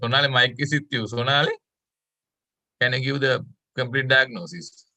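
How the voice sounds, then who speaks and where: Bright-voiced Sri Lankan male lecturer. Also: medium pitch, normal speed. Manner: explanatory, keeps checking with "right?". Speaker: medical lecturer. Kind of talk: online teaching session.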